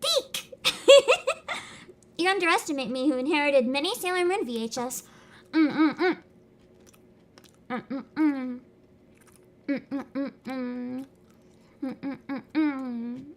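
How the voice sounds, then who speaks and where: A young adult woman streaming live, ranting loudly with swearing and laughter while greeting her chat. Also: sits high, animated, extremely slow, long pauses. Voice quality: avatar anime streamer voice. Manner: loud, laughing, swearing rants.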